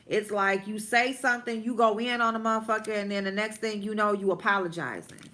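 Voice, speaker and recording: This woman's voice sits at medium pitch with a fairly bright tone. As a vlogger hosting a relaxed livestream, she applies makeup while ranting bluntly and profanely, stretching out emphatic phrases.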